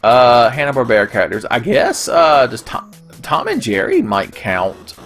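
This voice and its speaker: A man's voice: mid-range voice, sing-song, moderate pace, fairly bright tone, soft background music. A man hosting a gaming video, rambling and profane in casual commentary. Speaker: gaming channel host.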